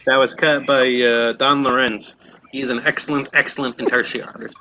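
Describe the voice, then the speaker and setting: A man's voice: mid-range voice, steady tone, normal speed, background noise. A man hosting a casual online chat about woodworking tools, explaining things as he shows them. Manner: explanatory, showing tools to the camera. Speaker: host of a scroll saw chat show.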